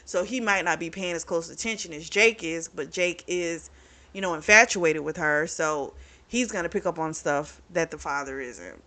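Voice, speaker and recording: A woman's voice: fairly low pitch, sharp tone. Chatty woman recapping a book. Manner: chatty, laughs often, many "you know" and "like" fillers; acts out characters' lines in quick asides. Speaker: book reviewer. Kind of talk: casual plot recap.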